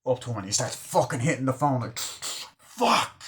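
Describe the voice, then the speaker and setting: A man's voice: medium pitch, fast. Male movie reviewer, casual and rambling, heavy swearing, mid-range voice. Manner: rambling, swears freely, retells scenes. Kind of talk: casual spoken film review.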